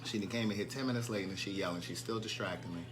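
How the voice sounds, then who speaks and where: A man's voice: sits low, quick pace, over music. A man hosting a casual live stream, chatting and greeting viewers by name, and easily sidetracked.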